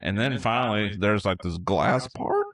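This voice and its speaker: A middle-aged man with a very low, deep voice tells a personal story on his podcast. He speaks earnestly and from the heart, wandering off a little and filling pauses with "um" and "like". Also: a bit bright, recorded from a distance. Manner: earnest, heartfelt, rambling with fillers. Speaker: podcast host. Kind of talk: casual storytelling.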